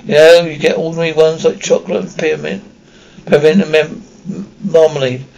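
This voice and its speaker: A man's voice: on the high side, steady tone, fairly quick, vocal fry, a little mellow, poor audio. A man voicing a chatty, blunt schoolboy wizard in an audiobook reading. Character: excitable red-haired schoolboy wizard.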